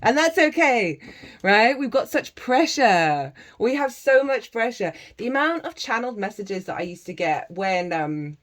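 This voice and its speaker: Chatty woman tarot reader. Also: medium pitch. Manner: chatty, laughs often, drifts into chanted light language. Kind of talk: casual spiritual talk.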